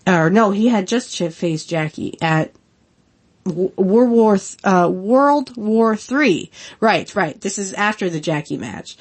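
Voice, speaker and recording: A woman's voice: mid-range voice, expressive, slow pace. A woman in her thirties hosting a podcast, chatting casually on her own with lots of giggles and filler words. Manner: giggly, rambling, many fillers. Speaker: podcast host. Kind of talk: casual solo commentary.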